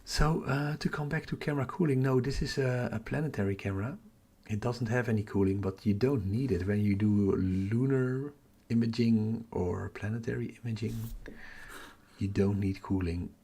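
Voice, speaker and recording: A middle-aged man hosting a night-time telescope livestream from home, half-whispering so he doesn't wake the house, muttering to himself over his capture software. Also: lowish voice, normal speed, breathy edge. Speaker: astrophotography livestream host. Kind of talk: live stream commentary, talking to chat.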